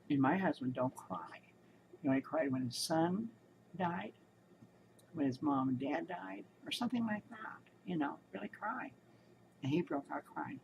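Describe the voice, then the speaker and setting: With vocal fry in her low-pitched voice, a woman rambles indignantly and emphatically through her story of a hospital experience in casual commentary, with background noise audible.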